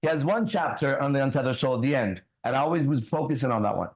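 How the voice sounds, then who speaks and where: Profane, animated preaching man. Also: medium pitch, fast, rough recording. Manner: blunt, profane, rhetorical questions. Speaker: minister and show host. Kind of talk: preachy casual talk show.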